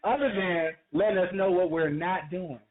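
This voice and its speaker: A fairly high-voiced man holds forth on a call-in relationship podcast, circling back and repeating phrases as he works toward his point, with laughs scattered through. The sound is thin and phone-like. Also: moderate pace, heavy background noise. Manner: chatty, repeats himself, laughs often. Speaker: podcast co-host. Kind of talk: casual radio talk. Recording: phone-like call-in radio audio.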